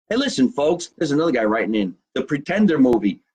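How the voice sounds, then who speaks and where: A man's voice: medium pitch, very animated, quick pace, hardly any pauses, a little mellow, breathy edge. A man hosting a casual live show, chatty and jokey, reading out fan mail and sponsor plugs. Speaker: podcast host.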